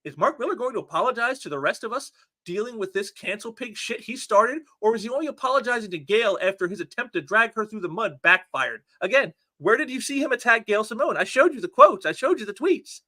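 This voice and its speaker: High, lively voiced sarcastic male commentator. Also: a little fast. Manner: sarcastic, repeats words, mocks opponents. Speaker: commentary channel host. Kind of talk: casual commentary reading online posts.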